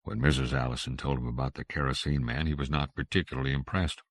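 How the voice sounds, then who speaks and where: Male audiobook narrator: deep, creaky, expressive; dry close-mic studio read. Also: quick pace, no echo. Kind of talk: scripted narration.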